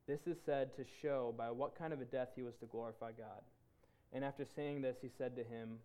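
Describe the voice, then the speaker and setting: A man leading a Bible study for men, talking in an earnest, halting way with many restarts. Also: mid-range voice, fairly even intonation, warm tone. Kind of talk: casual sermon to a men's group.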